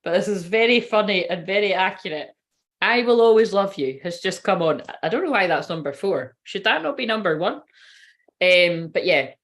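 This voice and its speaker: A woman's voice: on the low side, lively intonation, normal speed, a bit bright. A woman who works as a spiritual reader, chatting casually on a livestream, rambling, giggling and swearing freely.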